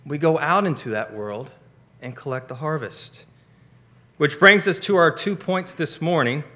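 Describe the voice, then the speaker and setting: A man's voice: on the high side, bright, forceful tone. A man preaching a sermon as pastor, stressing key words with rising emphasis.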